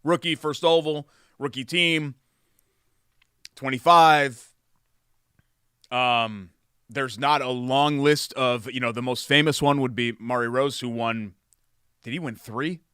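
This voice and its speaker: Chatty man, bright voice. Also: mid-range voice, takes it slowly, long pauses, smooth, no echo, studio quality. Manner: chatty, reads sponsor plugs with enthusiasm. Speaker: podcast co-host. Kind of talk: casual sports chat.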